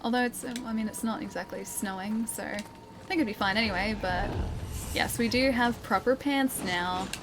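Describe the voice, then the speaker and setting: A woman's voice: a little high, moderate pace, noisy background. An Australian woman streaming a game live, chatting playfully, laughing often and answering her chat. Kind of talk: live gameplay commentary, reading chat.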